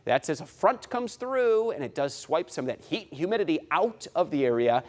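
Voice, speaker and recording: A man's voice: fairly high pitch, very animated, fairly quick. A man delivering a TV weather forecast as a meteorologist, with an urgent, emphatic broadcast delivery.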